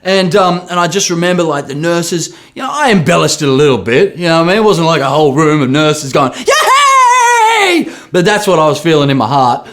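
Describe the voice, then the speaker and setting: An Australian man in his thirties, a rapper who raps his lines and then explains them in casual talk. He tells stories with sudden loud, excited re-enactments. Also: a little high, quick pace, few pauses.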